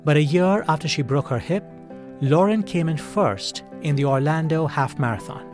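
A man hosts a podcast in a measured, scripted narration. His voice sits a little higher than most men's, with faint music playing behind him. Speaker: podcast host.

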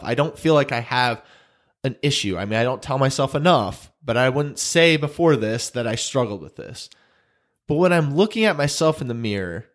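Man, drawl, earnest, heartfelt, stumbling over words, podcast co-host. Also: medium pitch. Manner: earnest, emotional, repeats words when moved. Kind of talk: casual chat.

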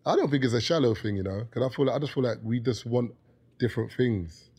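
A man's voice: mid-range voice, fast talker, darkish tone, breathy edge. A man with a British accent, a podcast guest, chatting casually and bantering with a joking, laughing manner.

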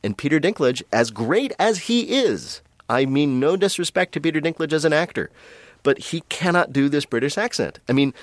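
A man co-hosting a casual chat, telling stories in an animated way and laughing often. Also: fairly high pitch, normal speed, dry recording. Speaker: podcast co-host.

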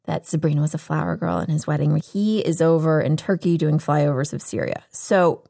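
A woman with a notably low voice hosts a casual podcast chat. She is talkative and laughs easily as she tells her stories. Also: brisk, gravelly, dark tone. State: pregnant, on bed rest. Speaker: podcast host.

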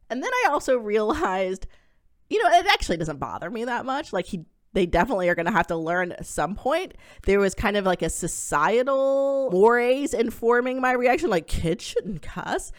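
A woman co-hosting a podcast, telling a family story in casual chat, her voice jumping high in surprise. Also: animated, fairly quick. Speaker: podcast co-host.

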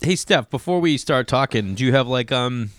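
A man's voice: mid-range voice, expressive, moderate pace, fairly bright tone, slight background noise. A man from the Boston area hosting a casual chat, wry and teasing, acting out bits of his stories. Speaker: podcast host.

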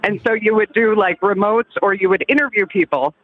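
A woman's voice: medium pitch, brisk, phone-quality sound. A woman calling in, talking in a chatty, rambling way. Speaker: caller. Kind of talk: casual phone chat.

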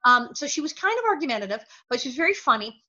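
A woman being interviewed as a guest, telling animated stories, often laughing and acting out the voices of people she quotes. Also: high voice, fast talker, lo-fi sound. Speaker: guest, former actress.

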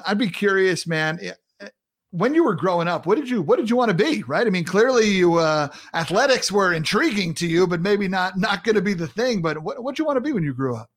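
A man's voice: high voice, sing-song, a little fast. A man hosting a podcast, joking with his guest and laughing easily in casual talk. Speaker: podcast host. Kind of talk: casual interview chat.

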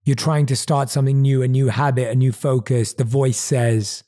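A man's voice: medium pitch, flat delivery, moderate pace, hardly any pauses, dark tone. A man hosting a podcast in a motivational monologue, earnest and emphatic, repeating key phrases, recorded on a desk microphone. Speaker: podcast host. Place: at his desk.

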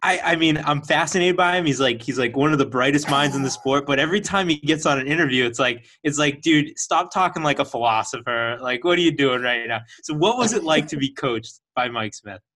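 A man hosting a casual interview, enthusiastic and quick to praise his guest. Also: on the high side, bright, forceful tone. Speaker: podcast host.

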